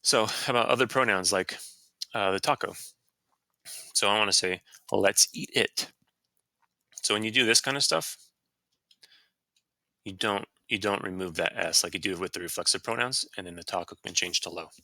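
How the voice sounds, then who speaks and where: A man with a low voice and a very bright, sharp tone walks through a screen-recorded Spanish grammar lesson. He explains casually, with fillers and quick self-corrections. The sound is dry and close to the mic. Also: no echo. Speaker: Spanish teacher.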